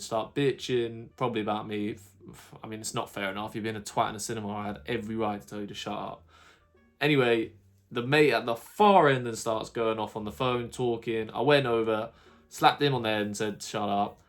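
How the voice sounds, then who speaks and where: A man's voice: medium pitch, steady tone, fairly quick, soft background music. Sweary man ranting on camera. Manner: sweary, exasperated storytelling. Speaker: YouTuber. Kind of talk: ranting vlog monologue.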